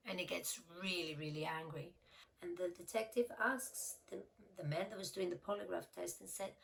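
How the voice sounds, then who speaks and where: A woman's voice: fairly low pitch, normal speed, gravelly, far from the mic, rough recording. A woman casually telling a true crime story in a chatty, emotional way, retelling what people said.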